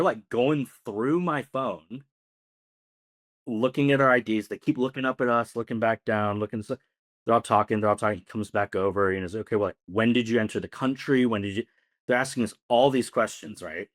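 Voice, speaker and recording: A man's voice: medium pitch, normal speed, a bit bright. A man co-hosting a podcast, telling a long story casually with many fillers. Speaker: podcast co-host.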